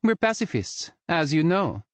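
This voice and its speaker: A man's voice: a little high, very animated, unhurried, dry recording, pitched above the performer's own voice. A man voicing a sassy, defiant young woman pilot who mocks and taunts. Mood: mocking. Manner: mocking, cocky.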